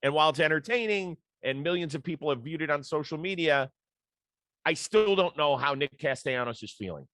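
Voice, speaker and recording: A man's voice: a little high, expressive, brisk, fairly bright tone, dry recording. A man hosting a casual sports talk show, chatting easily and telling stories from his early career as a reporter. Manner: conversational, storytelling, laughs easily. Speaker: podcast host.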